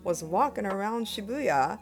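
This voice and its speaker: Brief: female radio host, lively pitch, faint music bed underneath, animated storyteller. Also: measured pace. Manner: animated storyteller, laughs often. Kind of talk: bilingual casual chat.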